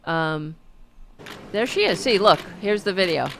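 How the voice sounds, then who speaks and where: A woman's voice: lowish voice, animated, a little slow, vocal fry, fairly bright tone, a little hiss or hum. A woman hosting a podcast, giving casual political commentary in a sarcastic, mocking way and swearing freely. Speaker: podcast host.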